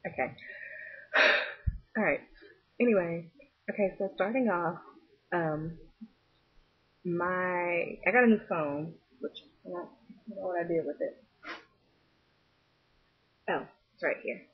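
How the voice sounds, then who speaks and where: Young woman, giggly, rambling, husky breathy voice, tinny phone-like sound. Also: lowish voice, slow pace, pauses often. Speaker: vlogger. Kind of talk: casual late-night storytelling.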